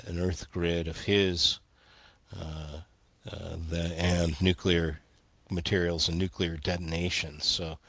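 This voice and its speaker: A very deep-voiced man talks through his ideas in a measured, explanatory way and sometimes stops to restart a thought. The sound is dry and close, with no room in it. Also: bright, forceful tone, dry recording. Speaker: guest, earth energy researcher. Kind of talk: casual interview talk.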